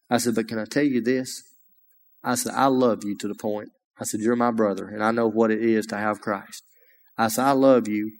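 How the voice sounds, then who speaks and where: Earnest man preaching in a hall. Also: lowish voice. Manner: earnest storytelling, rising to emphatic preaching. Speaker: speaker giving testimony. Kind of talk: sermon testimony. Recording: hall reverb.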